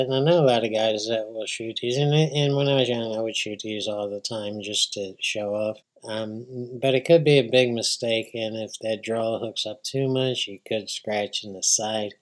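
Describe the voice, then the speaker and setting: A man's voice: lowish voice, rough recording. A middle-aged man walks through pool shots in a casual, plainspoken way. He keeps it loose and folksy, with a joke here and there. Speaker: pool instructor. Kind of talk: casual instructional narration.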